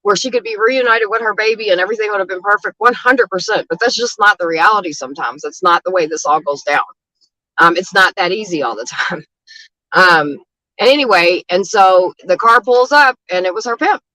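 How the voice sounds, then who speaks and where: A woman's voice: medium pitch, fairly quick, sharp tone, no echo, low-quality recording. A woman street outreach advocate telling stories in a casual chat, frank and blunt, with frequent swearing. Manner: frank and blunt, with frequent swearing and "you know what I mean".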